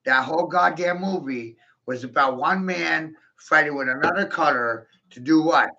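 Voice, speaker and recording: A man in a profane, aggressive monologue, repeating himself and bursting into shouts. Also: a little high, normal speed, vocal fry, few pauses. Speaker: monologuing video host. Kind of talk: ranting monologue to camera. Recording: dull lo-fi recording.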